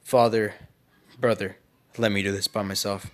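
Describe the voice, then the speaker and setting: A man voicing a gentle young male ninja who pleads with his brother in a raised voice. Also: on the low side, flat delivery, normal speed, lightly acted. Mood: pleading.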